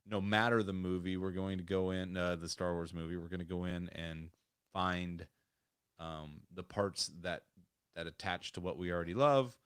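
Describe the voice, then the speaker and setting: A man's voice: deep voice, steady tone, moderate pace, fairly bright tone, smooth, no room sound, studio quality. A man co-hosting a casual podcast over a remote call, talking in a rambling way with many restarts. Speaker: podcast co-host.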